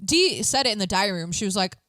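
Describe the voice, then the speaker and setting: A woman's voice: medium pitch, fast, no room sound. A woman co-hosting a podcast, recapping a reality show in casual chat and acting out what people said. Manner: animated, acts out quotes in exaggerated voices. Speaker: podcast co-host.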